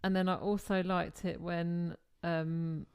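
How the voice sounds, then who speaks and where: A woman's voice: lowish voice, little pitch movement, takes it slowly, darkish tone, clear, resonant tone. A woman co-hosting a podcast, chatting casually and laughing as she retells film scenes. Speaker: podcast co-host. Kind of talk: casual chat.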